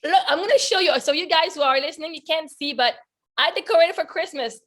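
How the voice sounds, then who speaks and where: A chatty woman life coach from Quebec, talking on a video call with a high, bright-toned voice. Her voice is a little husky today, and she laughs easily between her thoughts. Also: quick pace. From Quebec, Canada. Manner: bubbly, laughs often, chatty. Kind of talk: casual interview chat.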